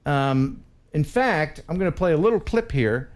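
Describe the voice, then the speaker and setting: An American man hosting a casual live-stream chat, chatty and quick to laugh. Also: fairly high pitch, animated. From USA. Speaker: host.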